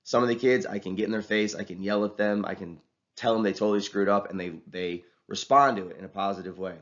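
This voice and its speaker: A man's voice: on the low side, fairly even intonation, quick pace, a bit bright. A male teacher giving a casual classroom lecture, talking conversationally and ending his points with "right?". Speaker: college teacher and wrestling coach. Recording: dull lo-fi recording.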